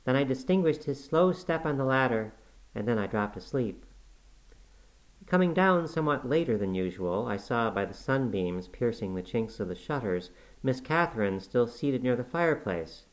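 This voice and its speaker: A man reading a classic novel aloud as scripted narration, measured and even. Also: medium pitch, rough recording. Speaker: audiobook reader.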